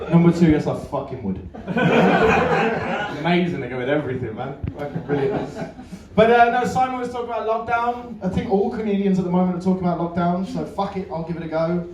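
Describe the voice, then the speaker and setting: A man's voice: sits high, animated, normal speed, far from the mic, highs cut off, background noise. A man doing a stand-up comedy set in a club, bantering with the crowd and swearing freely. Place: comedy club stage with a live audience. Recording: roomy live club recording, off-mic, crowd. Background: audience laughter.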